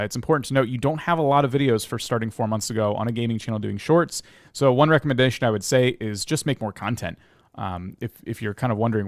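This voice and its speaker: A man's voice: mid-range voice, dry recording, clean studio sound. A man co-hosting a livestream, reviewing channels in an easygoing, advisory way. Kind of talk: livestream casual chat.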